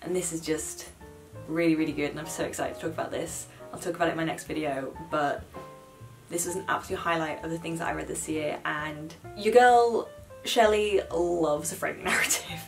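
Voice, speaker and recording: Young woman, lowish voice, chatting to camera about books, bit of music under it. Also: fairly quick. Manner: chatty, animated, swears and mocks in quoted asides. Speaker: book vlogger. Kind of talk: casual chat.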